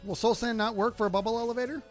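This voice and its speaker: A streamer chats casually to his viewers during a gameplay livestream, rambling to himself and tossing jokey asides to chat. His voice is very high-pitched and fairly even in intonation, and he talks at a racing pace. Faint music plays behind him.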